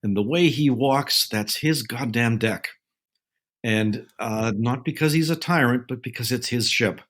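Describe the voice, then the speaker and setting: A man in his sixties, a guest on an interview show, telling unhurried anecdotes and acting out the people he quotes. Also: medium pitch, a bit bright. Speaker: guest, naval film consultant. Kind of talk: relaxed interview storytelling.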